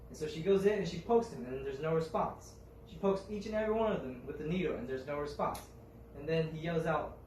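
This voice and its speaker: A young man retells a folk tale, pausing often and restarting his phrases. His voice sits a little high for a man. He is heard from a distance in an echoing room with faint ambience behind. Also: lively intonation, a little mellow, slight background noise. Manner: halting, with fillers and restarts.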